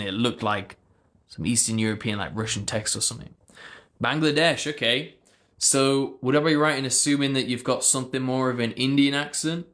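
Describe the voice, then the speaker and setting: Answering viewers' comments during a relaxed livestream, this speech coach talks in a chatty, loose way with plenty of fillers. He has a medium-pitched, slightly bright voice.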